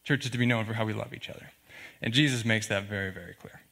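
A man's voice: lowish voice, quick pace, creaky, a bit bright. A man preaching a sermon in an earnest, conversational way, often checking in with the congregation with asides like "okay?" and "all right?". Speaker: pastor.

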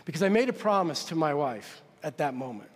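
A man's voice: brisk, in a large hall. A man preaching a sermon, telling a personal story and acting out the quotes with big jumps in his voice. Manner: animated, acts out quotes with big pitch jumps. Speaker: pastor.

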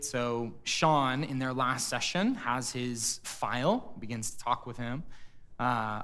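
Man preaching, hushed storytelling pastor. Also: medium pitch, smooth. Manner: storytelling, quiet and hushed at emotional quotes, rising when addressing the church. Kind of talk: sermon. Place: church auditorium.

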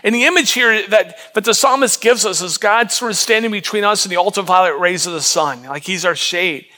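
Bright, high-voiced man preaching. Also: fairly quick. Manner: conversational preaching with rhetorical questions to the congregation; frequent repetitions and restarts. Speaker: pastor. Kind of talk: sermon.

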